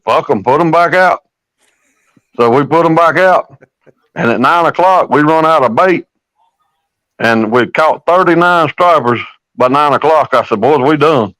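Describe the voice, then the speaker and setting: A man's voice: medium pitch, dry recording, low-quality recording. A man, a fishing guide telling a profane, folksy story in casual talk. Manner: profane, folksy, animated anecdote.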